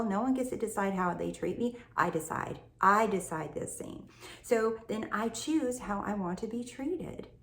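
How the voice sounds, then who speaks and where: A woman from California, a self-help coach, talking casually and emphatically to her viewers, swearing freely. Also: medium pitch. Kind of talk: casual teaching monologue. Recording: echoey room, faint ambience.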